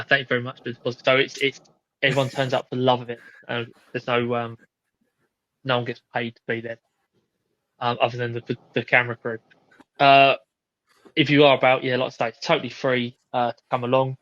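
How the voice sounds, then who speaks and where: A man's voice: medium pitch, a bit bright, no room sound, highs cut off. Easygoing man hosting a football podcast. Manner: laid-back, swears freely, rambling with restarts. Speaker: podcast host. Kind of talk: casual chat.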